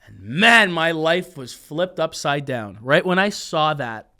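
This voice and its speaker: A man in his twenties, a mentalist guest, telling stories in a casual, animated podcast interview that drifts off on tangents. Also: fairly high pitch, a little slow.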